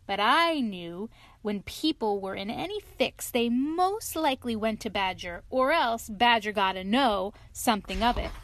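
A woman reading aloud, voicing a cheerful, hearty male otter in a storybook, talking in a brisk lively way. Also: a little high, dry recording.

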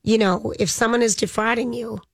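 A woman's voice: a little high, steady tone, brisk, vocal fry, dry recording. A woman co-hosting a casual chat, retelling a news story in a loose way with frequent ums and a dismissive "blah, blah.".

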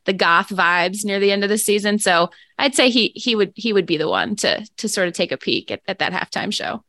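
A woman's voice: medium pitch, fairly quick, pushed and bright, no echo. A woman hosting a casual sports talk show, chatty and playful, often laughing.

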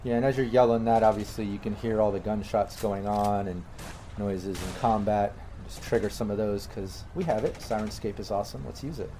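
A man's voice: lowish voice, steady tone, fairly quick, warm tone, a little hiss or hum. A man running a tabletop game as game master, narrating loosely with many fillers and restarts.

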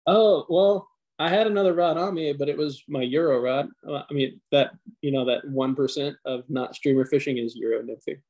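A man with a husky, slightly high voice swaps stories on a podcast. He is animated and swears freely, with plenty of fillers. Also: moderate pace, hardly any pauses, rough recording. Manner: animated, profane storytelling with fillers. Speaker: podcast co-host. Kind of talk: casual chat.

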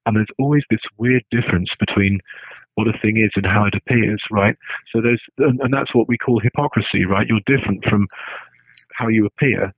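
Low-voiced man thinking aloud with stops and restarts, dry phone-line sound. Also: steady tone, a little fast, husky, dry recording. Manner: hesitant, restarts often, keeps asking "right?". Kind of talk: casual spoken musing.

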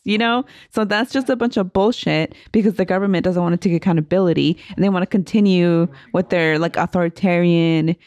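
A woman's voice: fairly low pitch, fairly quick, few pauses, a little mellow, no room sound. A young woman co-hosting a podcast in casual chat, blunt and outspoken, swearing freely. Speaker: podcast co-host.

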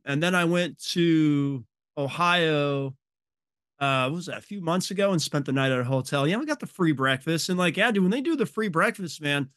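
A man's voice: fairly high pitch, a bit bright, dry recording, studio quality. A man in his forties, a podcast guest, chatting in a laid-back way and often saying man and dude. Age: 40s. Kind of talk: casual chat.

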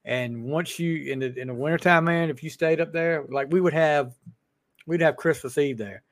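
A man's voice: on the high side, moderate pace, dry recording. A man co-hosting a podcast, chatting casually and reminiscing in an easygoing way. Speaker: podcast co-host. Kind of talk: casual chat.

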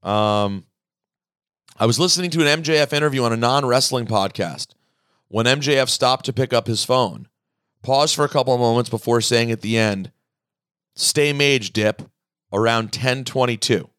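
Male podcast host, mid-pitched, close dry mic, animated mailbag reader. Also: moderate pace, clear, resonant tone, dry recording. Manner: animated, reads listener emails aloud. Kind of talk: casual chat, reading mailbag.

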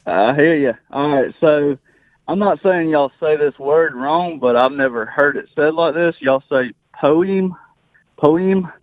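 A man's voice: fairly high pitch, normal speed, no echo. Guy calling in, easygoing, thin phone line. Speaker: caller.

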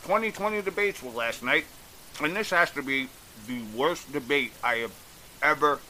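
A man's voice: fairly high pitch, moderate pace, sharp tone, low-quality recording. A man giving a blunt, exasperated opinion rant, swearing freely as he recaps and criticizes. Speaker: commentator. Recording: faint hiss.

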